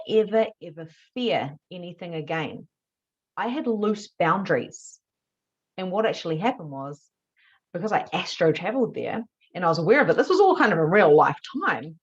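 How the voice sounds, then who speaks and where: A woman, a spiritual mediumship teacher telling a candid story to camera, animated and swearing freely. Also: fairly low pitch, normal speed, husky, highs cut off. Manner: animated, swears freely, acts out her own past reactions.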